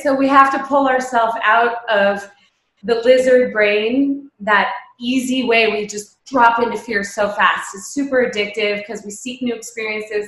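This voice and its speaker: A woman's voice: a little high, a bit bright, reverberant, rough recording. A woman teaching a meditation class, talking casually and emphatically, with lots of rhetorical questions. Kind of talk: casual spoken talk before a guided meditation.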